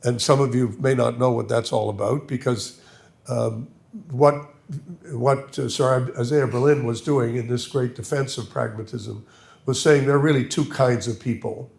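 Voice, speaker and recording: A man's voice: mid-range voice, fairly even intonation, normal speed, creaky, darkish tone. An older man giving a public lecture, reflective and anecdotal, with self-deprecating humor. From Canada. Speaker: guest lecturer. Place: lecture hall. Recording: echoey lecture hall.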